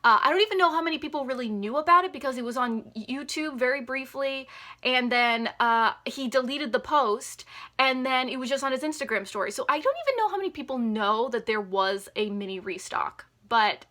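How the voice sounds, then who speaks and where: A woman's voice: high voice, brisk, sharp tone. A woman chatting casually as a beauty vlogger through an unboxing, gushing, full of "like" fillers and sometimes dropping to a near whisper.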